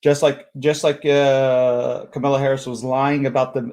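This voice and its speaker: A man's voice: medium pitch, level tone, normal speed, a little mellow. A man co-hosting a casual political chat, blunt and crude, often repeating words as he talks. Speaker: podcast co-host.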